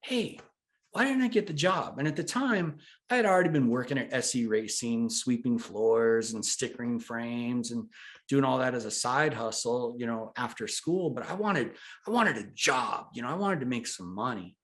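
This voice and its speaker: A man in his forties, telling his story with animated, casual energy as an interview guest. His voice sits at an ordinary middle pitch. He talks loosely and now and then lets a swear word slip. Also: moderate pace. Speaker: interview guest, brand founder.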